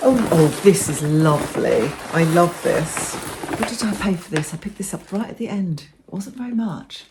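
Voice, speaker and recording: A middle-aged woman gushes over her finds in an easy, chatty way. Her voice sits fairly low, and a faint hiss lies under it. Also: lively intonation, normal speed. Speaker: vlogger. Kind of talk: casual show-and-tell chat.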